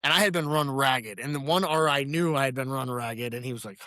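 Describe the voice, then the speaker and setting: A man's voice: medium pitch, brisk, no echo, clean studio sound. A man, a retired Army veteran, telling war and training stories in a casual interview, rambling and acting out quotes. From United States. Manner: rambling, animated storyteller who acts out quotes.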